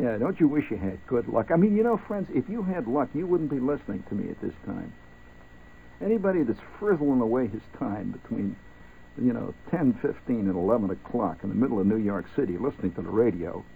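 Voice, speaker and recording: On a late-night radio show, a man rambles wryly through ad-libbed talk, meandering along and speaking straight to his listeners. His mid-range voice is gravelly, with lively intonation and a moderate pace. It sounds like a tinny old radio broadcast with a faint hiss.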